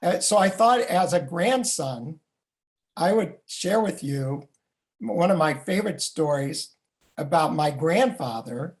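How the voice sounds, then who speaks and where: An older man and Jewish educator telling a family story in a vivid, animated way. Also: on the high side, measured pace. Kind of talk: storytelling talk.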